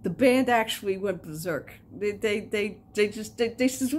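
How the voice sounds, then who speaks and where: A woman's voice: mid-range voice, normal speed, a little hiss or hum. A middle-aged woman chatting to the camera in a casual, rambling vlog, telling stories with lots of fillers. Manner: rambling, animated storytelling with many fillers. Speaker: crafting vlogger.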